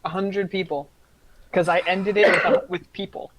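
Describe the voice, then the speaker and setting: A woman's voice: on the low side, steady tone, moderate pace, heavy background noise. A woman running a tabletop game as game master, talking casually and crudely with lots of likes and restarts. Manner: rambling, many likes and restarts.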